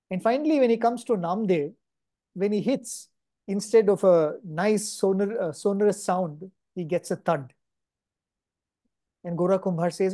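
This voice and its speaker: A man giving a devotional talk at a spiritual gathering, telling a story at an unhurried pace with frequent pauses and self-corrections. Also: high voice, mellow, no room sound. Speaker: guest speaker at a spiritual gathering.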